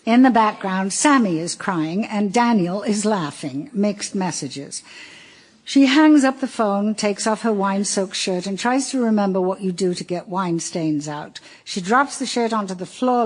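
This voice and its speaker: A woman's voice: mid-range voice, moderate pace. Woman reading an audiobook wryly. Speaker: audiobook narrator.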